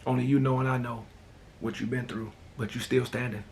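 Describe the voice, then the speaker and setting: A man hosting a casual talk show, telling personal stories in a relaxed way and often repeating "man" and "you know.". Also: mid-range voice, a little fast, gravelly, a little hiss or hum. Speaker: host.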